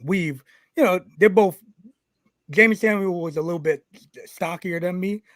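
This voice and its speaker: A man who is a pro wrestler telling a story on a podcast, animated and profane, acting out what people said. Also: high-pitched, normal speed, no echo. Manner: animated, profane, acts out quotes. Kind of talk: casual storytelling.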